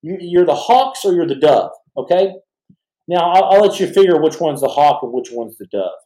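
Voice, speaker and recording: A man's voice: fairly high pitch, expressive, moderate pace, warm tone. A middle-aged man hosting a live podcast, talking fervently to viewers in a rambling way with many restarts. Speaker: podcast host. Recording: roomy echo.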